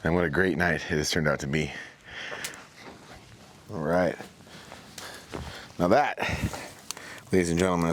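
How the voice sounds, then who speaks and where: A low-voiced man hosts an outdoor vlog from a forest campfire, talking casually and chattily straight to the viewers. There's slight noise in the background.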